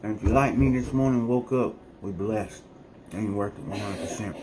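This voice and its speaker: A man's voice: fairly low pitch, normal speed, very noisy. A man chatting casually to viewers in a morning vlog at home, rambling and talking to his pets. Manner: laid-back, rambling, talks to his pets. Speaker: vlogger.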